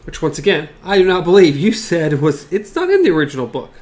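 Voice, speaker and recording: A man co-hosting a book podcast in casual chat, relaxed, sometimes reading passages aloud. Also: on the high side, fast talker. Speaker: podcast co-host.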